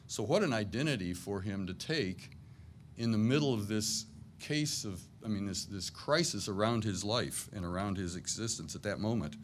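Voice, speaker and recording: A man's voice: on the low side, expressive, normal speed, slight background noise. A middle-aged man preaching a sermon to a congregation in a church, conversational and self-deprecating, with jokey asides. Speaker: pastor.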